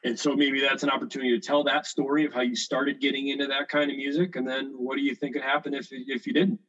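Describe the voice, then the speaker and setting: Male guest, a vicar, mid-pitched voice, reflective, over muffled lo-fi audio. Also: little pitch movement, fast talker, a bit bright. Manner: thoughtful, reflective, many fillers. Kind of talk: casual chat.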